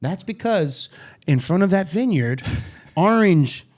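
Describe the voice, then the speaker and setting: A man co-hosting a podcast, chatting in a blunt, animated way and swearing freely. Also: sits high, slow pace. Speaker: podcast co-host. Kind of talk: casual chat. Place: studio.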